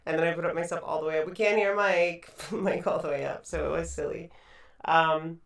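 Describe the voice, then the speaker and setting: A playful woman host wrapping up a casual show, tossing in jokes and quick asides. Her voice sits a little low and carries the echo of a roomy space, heard from a bit away from the mic. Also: little pitch movement, creaky, distant mic. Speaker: podcast host. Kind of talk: casual chat show sign-off.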